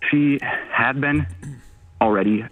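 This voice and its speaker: A man in his early thirties calling an advice show, speaking in a hesitant, halting way with many ums. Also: medium pitch. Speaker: caller. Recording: tinny phone line.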